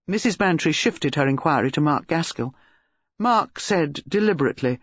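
Expressive male audiobook narrator. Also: on the high side, normal speed, husky, dry recording. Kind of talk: scripted narration. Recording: dull lo-fi recording.

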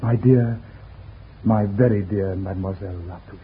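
A lovestruck young man in a vintage radio play, voiced by a man, dreamily musing to himself. His voice sits slightly low. It comes through a tinny, narrow broadcast sound. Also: steady tone, moderate pace, a little hiss or hum, close to an everyday voice. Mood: tender. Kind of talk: 1940s radio acting.

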